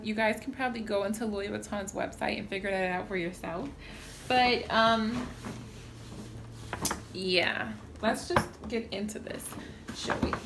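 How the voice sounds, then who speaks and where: A young adult woman talking casually to her channel, telling a story in a chatty, excitable way. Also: fairly high pitch, noisy background. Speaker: vlogger. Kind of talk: casual chat.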